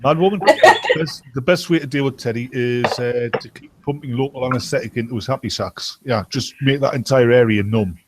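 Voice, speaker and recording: A man's voice: mid-range voice, brisk, few pauses, noisy background. A British man on a group stream, teasing the others in a dry way. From Britain. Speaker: stream guest. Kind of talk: casual chat.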